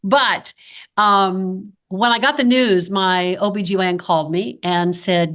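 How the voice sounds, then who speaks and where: On a podcast, a woman in her fifties who works as a dental practice consultant talks a little slowly in a mid-range voice. She's an animated storyteller, bringing quoted dialogue to life.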